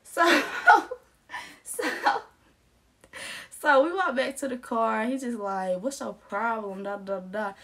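A woman's voice: fairly high pitch, animated, slow, pauses often, a bit bright. A young adult woman telling a storytime vlog in casual, slangy chat, laughing often and acting out the quotes. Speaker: storytime vlogger.

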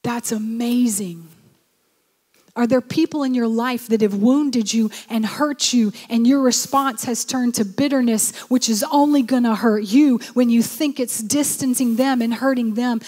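A woman's voice: fairly high pitch, steady tone, a little slow, a little mellow, big-room sound. A woman pastor preaching a sermon, exhorting her listeners and urging them on. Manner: exhorting, repeats "come on".

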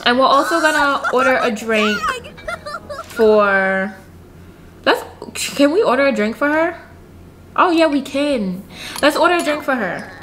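A woman's voice: high voice, lively intonation, unhurried, pauses often, a bit bright, slight background noise. A woman casually commenting on her life-sim game in a chatty, slangy, giggly way. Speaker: gaming youtuber. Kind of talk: casual let's-play commentary.

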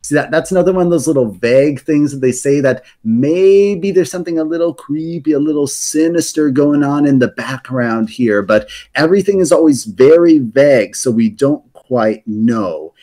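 A man's voice: fairly high pitch, normal speed, few pauses, dark tone. Rambling man explaining game lore. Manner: rambling, frequent fillers and restarts.

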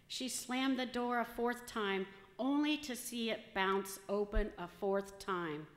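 A woman tells a joke to a congregation in a relaxed, chatty way, acting out the quoted lines as she goes. Her voice carries through a large church hall with a long, echoing reverb behind it. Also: mid-range voice, measured pace. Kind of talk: casual storytelling to a congregation. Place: church sanctuary.

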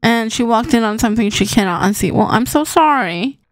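Young woman, casual gaming host, slightly high, very animated delivery, dry close sound. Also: fairly quick, dry recording. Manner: chatty, talks to her game characters. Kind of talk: casual gameplay commentary.

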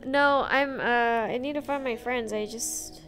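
A woman chatting casually as she plays a virtual-reality game with friends, chatty and excitable. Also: high voice, faint music behind. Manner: chatty, excitable, quick gasps and exclamations. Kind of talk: casual chat while gaming.

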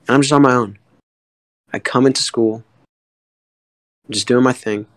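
Young man, mid pitch, dry close sound, candid, halting, emotional storytelling. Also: steady tone, no room sound, rough recording. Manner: emotional, halting, with frequent fillers and swearing. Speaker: guest artist in a community AMA.

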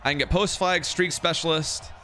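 A young male streamer talks over his game, bright and forward in tone, a little higher than most men. He chats with viewers and gets loud and excitable at bad plays. A faint hiss runs under the voice. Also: moderate pace. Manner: excitable, yelling in frustration, chatting with stream viewers. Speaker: gaming streamer. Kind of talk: live game commentary while playing.

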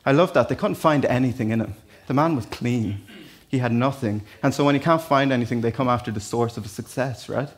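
A man's voice: mid-range voice, a little fast, few pauses. An Irish man preaching a sermon in a church, talking to the congregation in a conversational, storytelling way with asides. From Ireland. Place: church hall.

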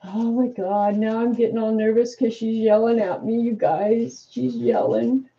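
A woman's voice: a little high, fairly even intonation, measured pace, gravelly, mellow, husky, highs cut off. Flustered woman talking through a craft project. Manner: chatty, flustered, thinking aloud. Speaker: crafter demonstrating a die-cutting machine. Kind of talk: casual craft demonstration to viewers.

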